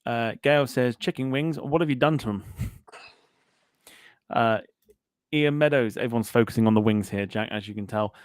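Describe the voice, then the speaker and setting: Host brief: man, mid pitch, dry close sound, jokey chat reader. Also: normal speed, pauses often, smooth, no room sound. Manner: jokey, laughs often between comments. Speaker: podcast host. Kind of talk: casual chat, reading out live chat comments.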